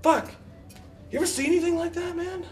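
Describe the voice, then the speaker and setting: An actor playing a crude young man who rambles through a profane story in a doctor's office, excitable and breaking into shouts. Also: very high voice, brisk, far from the mic, soft background music. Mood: excited. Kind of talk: comedy sketch acting.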